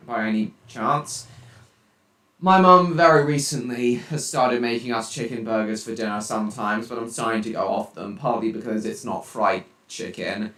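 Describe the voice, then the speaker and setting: A teenage boy live streaming from home, chatting casually and reacting out loud to his viewers' chat messages. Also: mid-range voice. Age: teens. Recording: roomy, distant mic.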